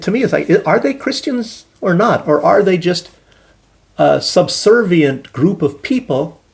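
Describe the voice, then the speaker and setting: Older guy with a gravelly voice rambling on about the news, lots of stops and restarts. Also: mid-range voice, darkish tone. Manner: rambling, hesitant with many restarts. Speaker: commentary channel host. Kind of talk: casual solo commentary.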